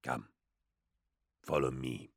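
A man voicing an ancient, solemn male psyker regent who speaks slowly and gravely in an audiobook. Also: extremely low pitch, dry recording, studio quality, pitched below the performer's own voice, heavily acted. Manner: slow, grave, intoning. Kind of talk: audiobook character voice.

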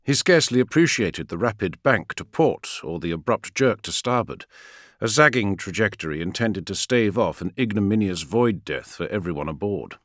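A man reading a sci-fi war story aloud as an audiobook narrator, in a dramatic, measured way. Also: fairly low pitch, lively intonation, dry recording, clean studio sound. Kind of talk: scripted fiction narration.

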